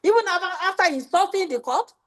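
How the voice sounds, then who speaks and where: A woman's voice: very high voice, animated, fast, fairly bright tone. A woman judge, stern and scolding as she presides over a court hearing. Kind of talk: courtroom proceedings.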